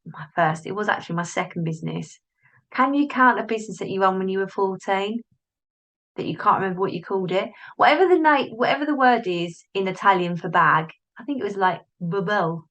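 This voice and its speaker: A woman's voice: medium pitch, a bit bright, poor audio. A woman hosts a solo podcast and talks straight to the listener. She is chatty and often cuts herself off mid-sentence to restart, and she slips into little inner voices as she goes. She is recorded on a device's built-in mic rather than a plugged-in one. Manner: chatty, self-interrupting, acts out inner voices. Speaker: podcast host, business coach. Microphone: device's built-in mic, not the plugged-in one.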